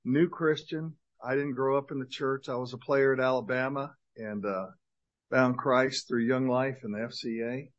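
A man's voice: medium pitch, moderate pace. Older guy preaching to a men's group, jokey and rambling, kinda muffled sound. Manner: energetic, joking, rambling with many fillers. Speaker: guest speaker and minister to men. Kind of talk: humorous talk to a men's group. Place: church gathering of men.

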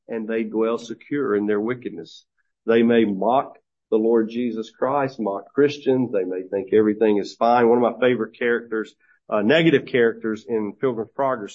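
A man's voice: mid-range voice, a little mellow. A man preaching a sermon in an earnest way, with many hesitant fillers and restarts. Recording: dull lo-fi recording.

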